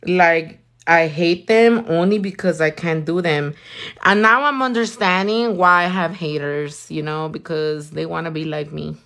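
A woman's voice: on the low side, unhurried, a bit bright. A woman, chatting casually and cursing freely while livestreaming her nail work. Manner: sassy, swears a lot, mixes in Spanish.

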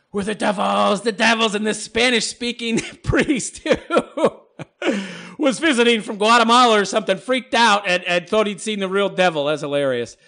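A man's voice: sits high, a bit bright. A man hosting his own channel, reading out hateful comments and answering them in a scornful, rambling monologue full of laughter. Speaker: channel host responding to comments.

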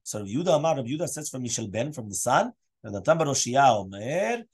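Male rabbi teaching a daily Talmud class, rapid delivery, mid pitch, peppers his English with Hebrew and Aramaic terms and quizzes his students. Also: sing-song, slightly rough. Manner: asks students questions. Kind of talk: Daf Yomi Talmud class.

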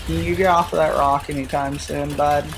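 Over some background noise, a young gamer chats casually with a friend during a co-op stream, speaking at a normal speed in a slightly high voice with little pitch movement. His joking, laid-back talk is peppered with swearing and laughter.

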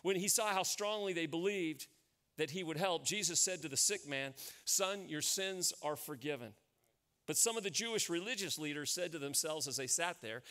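Emphatic American pastor preaching a sermon. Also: male voice, a little high, bright, forceful tone. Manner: storytelling, emphatic, repeats key phrases.

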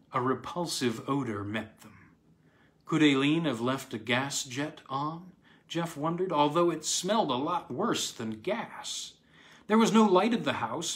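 A man narrating a horror story aloud, dramatic, with sharp swings in pitch and loudness. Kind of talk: scripted horror story reading.

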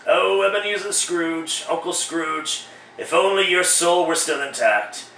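A man's voice: sits high, a little slow, bright, forceful tone, a little hiss or hum, full character voice. A man doing a smug young nephew. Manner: smug, mocking. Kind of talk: one-man comedic radio play. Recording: roomy echo, distant mic.

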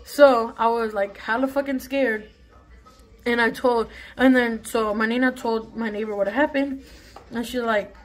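A woman's voice: on the high side, fairly even intonation, a little slow, rough recording. A young woman tells a casual storytime vlog, chatty and swearing freely. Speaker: vlogger.

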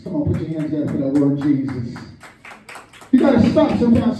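An older man preaching a lively sermon as pastor, leading call-and-response and joking with the congregation. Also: sits high, fast, a little hiss or hum. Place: church sanctuary. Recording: echoey hall, distant, dull lo-fi.

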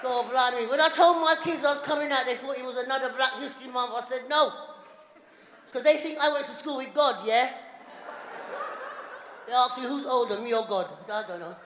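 Female stand-up, high pitch, chatty teasing delivery, long hall reverb. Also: brisk, pauses often, fairly bright tone. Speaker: stand-up comedian. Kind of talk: stand-up comedy set. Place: large hall on stage. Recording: echoey reverberant hall, faint noise.

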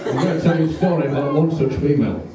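British man doing deadpan stand-up. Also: a little high, very noisy. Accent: British English. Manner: deadpan storytelling with punchline pauses. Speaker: stand-up comedian. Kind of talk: stand-up comedy set. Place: comedy club stage with audience. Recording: roomy live club audio from a distance. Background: audience laughter.

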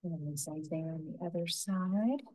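A woman with a low, mellow voice leads a painting lesson step by step. She talks gently and without hurry, narrating each brushstroke as she makes it. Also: low-quality recording. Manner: gentle, unhurried, talking through each brushstroke. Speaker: painting instructor.

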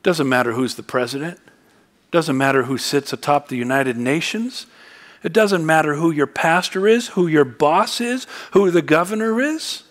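A man preaching a sermon as a church pastor, swinging from quiet, low reflection to loud, fervent exhortation. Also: lively intonation, moderate pace.

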